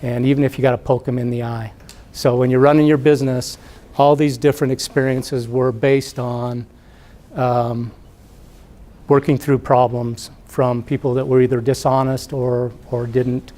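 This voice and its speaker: Middle-aged man, guest speaker, animated storytelling, mid-pitched voice. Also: moderate pace. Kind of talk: storytelling talk to students.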